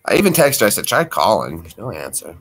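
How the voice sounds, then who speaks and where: Lively, bright-voiced man hosting a live stream. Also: lowish voice, quick pace, slightly rough. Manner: chatty, laughs readily, greets viewers by name. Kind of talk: casual live-stream chat.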